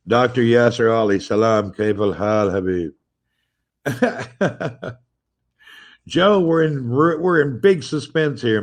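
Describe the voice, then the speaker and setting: A slightly mellow, lowish male voice belongs to a host doing an easygoing phone livestream at home, family within earshot. He says hello to viewers by name, reads their comments aloud, and teases them in a playful way.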